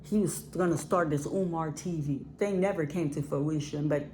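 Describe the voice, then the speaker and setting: Low-voiced woman from ohio talking straight to camera, blunt, hammers words home, faint hiss behind. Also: normal speed, darkish tone. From Ohio, USA. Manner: blunt, emphatic, repeats words for stress. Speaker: independent filmmaker. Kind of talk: casual direct-to-camera talk.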